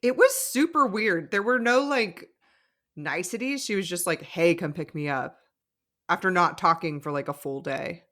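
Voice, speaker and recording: A podcast co-host recaps a reality show in casual chat, giggling often as she offers opinionated commentary. Her mid-range voice is sing-song and fairly bright, moving at a moderate pace.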